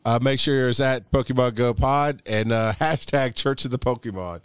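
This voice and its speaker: A man's voice: medium pitch, moderate pace, clean tone, no room sound. A man hosting a podcast, chatting casually and jokingly with many restarts. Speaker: podcast host. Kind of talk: casual chat.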